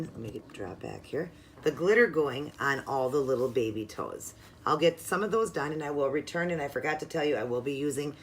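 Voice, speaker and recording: A woman with a strikingly deep, gravelly voice narrates a nail art tutorial at home. She chats casually, explaining every step, and now and then drops into a soft murmur as she concentrates. A faint hiss sits under the recording.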